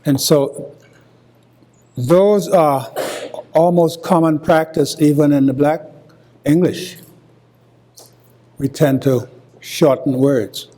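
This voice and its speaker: An older man from Hilton Head Island with a Gullah accent, giving a university lecture deliberately and repeating example words as he explains. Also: a little high, steady tone, mellow, slight background noise. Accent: Gullah, coastal South Carolina. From Hilton Head Island, South Carolina. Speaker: guest lecturer.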